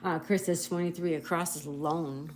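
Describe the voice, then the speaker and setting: A woman hosting a casual livestream, reading viewer comments and slowly spelling out crossword answers letter by letter. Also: deep voice, fairly even intonation, slight background noise. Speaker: livestream host.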